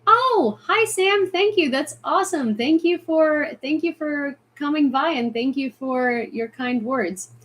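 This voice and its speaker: A woman from Ukraine, speaking with an American accent, chatting casually on a live stream with lots of fillers, restarts and sudden excited bursts. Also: high voice, a little slow, hardly any pauses. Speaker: vlogger answering chat.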